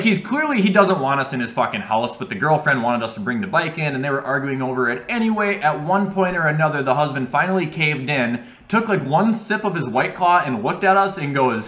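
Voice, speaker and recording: A young man vlogging while he plays a game, telling an animated, profane story. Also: medium pitch, a little fast, hardly any pauses. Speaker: gaming vlogger. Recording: echoey room.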